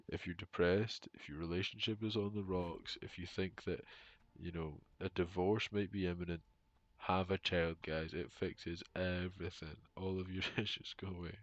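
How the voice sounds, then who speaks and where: A young father streaming a game from his home room speaks at a measured pace in a low-pitched, steady voice with no echo, using a headset. He rambles through casual gaming chat with lots of fillers and dry humor, recorded in dull lo-fi sound with music behind.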